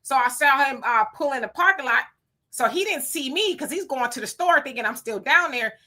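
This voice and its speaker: A middle-aged woman, hosting a live stream, reading viewer comments and telling stories in an animated, emphatic way; she is hot and sweating. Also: high-pitched, a little fast. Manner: animated storyteller, emphatic and preachy when warning.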